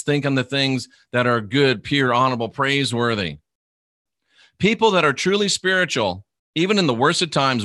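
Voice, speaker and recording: A middle-aged male minister preaching to a livestream audience in an emphatic, repetitive cadence, stretching out words and even spelling them. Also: mid-range voice, no room sound, clean studio sound.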